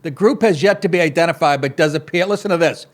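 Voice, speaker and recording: A man's voice: fairly high pitch, fast talker. A middle-aged man hosting a comedy podcast, reading news stories aloud and breaking off into profane, sarcastic asides.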